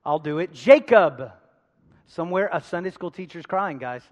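A man preaching a sermon, calling out to the congregation for responses and swinging between loud emphasis and hushed asides. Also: a little high, brisk. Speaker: pastor. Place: large church hall. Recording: long hall reverb.

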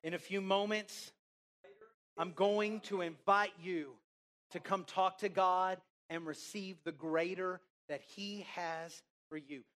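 Preacher mid sermon, stretching words, goes loud then quiet, asks the crowd questions. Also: mid-range voice, fairly even intonation. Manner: emphatic, drawn-out words with big swings in loudness; asks the congregation questions and has them repeat phrases.

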